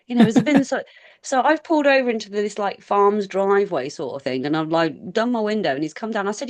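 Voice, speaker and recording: A woman's voice: mid-range voice, lively intonation, brisk, hardly any pauses, darkish tone. A woman guest on a podcast, telling a story in a rambling, chatty way and acting out quoted lines. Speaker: guest paranormal researcher. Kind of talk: casual storytelling interview.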